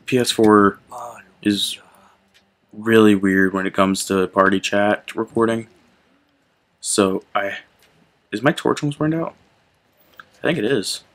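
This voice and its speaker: A young man hosting his gaming channel, chatting casually and reacting out loud to the game as he plays. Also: fairly low pitch, takes it slowly, vocal fry, pauses often. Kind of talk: casual gameplay commentary.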